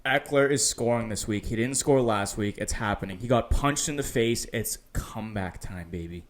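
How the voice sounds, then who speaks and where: A man's voice: on the low side, normal speed. A young man co-hosting a sports betting podcast, brash and swearing. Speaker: podcast co-host. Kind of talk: casual sports betting chat.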